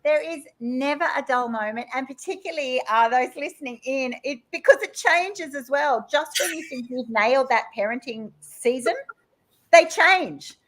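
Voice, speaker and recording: A middle-aged woman, a guest in a casual interview, telling animated stories and acting out quotes. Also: sits high, normal speed. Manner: animated storytelling with acted-out quotes.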